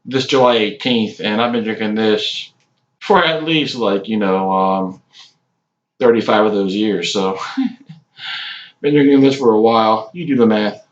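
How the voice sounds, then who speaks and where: A man in his late forties giving a casual, rambling cigar review, halting often with ums. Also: on the low side. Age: 40s. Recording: echoey room, dull lo-fi sound.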